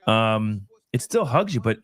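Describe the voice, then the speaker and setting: A man's voice: on the low side, unhurried. A man hosting a live whiskey tasting show, chatting casually and laughing often. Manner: jokey, laughs often, excitable. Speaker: show host.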